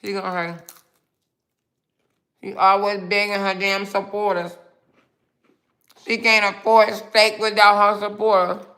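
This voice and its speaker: Sassy, bright-voiced woman livestreamer. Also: mid-range voice, little pitch movement, unhurried, pauses often. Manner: sassy, mocking, talks straight to viewers. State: snacking while talking. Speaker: livestream host. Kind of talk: casual livestream chat, reading viewer comments.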